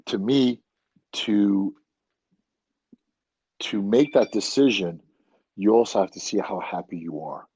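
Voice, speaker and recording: A man guest telling stories in a blunt, animated, casual way. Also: on the low side, slow pace, long pauses, breathy edge, no room sound, highs cut off. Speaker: podcast guest. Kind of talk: casual chat.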